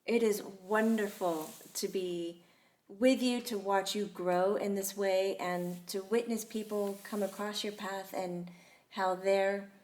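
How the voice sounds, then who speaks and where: A woman's voice: mid-range voice, steady tone, takes it slowly, darkish tone. Upbeat woman hosting a talk show. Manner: upbeat, effusive sign-offs to listeners. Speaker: host. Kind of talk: casual talk-show chat.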